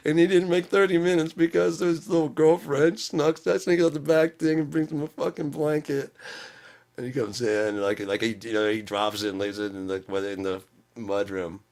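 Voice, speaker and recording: A man's voice: fairly high pitch, gravelly. A man telling a comic story in a casual, profane way, acting out what people said. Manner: profane, animated, acts out quotes. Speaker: channel host.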